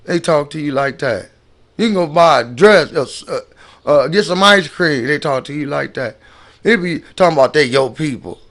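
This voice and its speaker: A man's voice: fairly high pitch, animated, normal speed, a bit bright. A man giving casual ranting commentary on videos, emphatic and slangy, often repeating and restarting his words.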